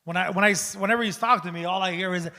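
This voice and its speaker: A man guesting on a comedy podcast, telling a bit in a profane, animated way. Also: high voice, racing. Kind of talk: casual comedy podcast banter.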